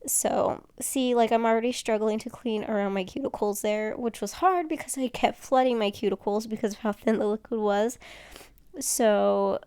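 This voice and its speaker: A woman's voice: on the high side, steady tone, moderate pace, a little mellow, clear, resonant tone, dry recording. A woman chatting casually through a nail tutorial, rambling and tired, with many fillers and restarts. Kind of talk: casual tutorial chat while doing nails.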